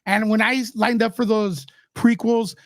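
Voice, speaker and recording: Gravelly man ranting passionately. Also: sits high, steady tone, measured pace, no echo, clean studio sound. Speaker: guest commentator. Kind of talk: casual podcast chat.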